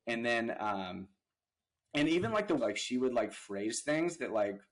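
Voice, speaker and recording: A young adult man, a real estate investor appearing as a podcast guest, casually tells an anecdote, rambling and leaning heavily on "like" fillers. His mid-range voice is expressive and measured in pace, though the recording is rough.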